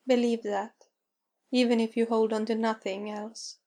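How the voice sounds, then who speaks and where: A woman voicing a gentle, devoted man from the desert who speaks earnestly and formally. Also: fairly high pitch, flat delivery, measured pace, lightly acted. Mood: tender earnest.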